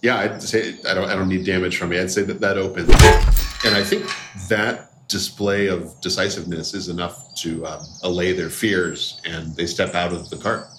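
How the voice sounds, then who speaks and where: A man's voice: sits low, fairly even intonation, reverberant, background noise. Sick man running a tabletop game. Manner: halting, with many fillers and restarts. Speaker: game master.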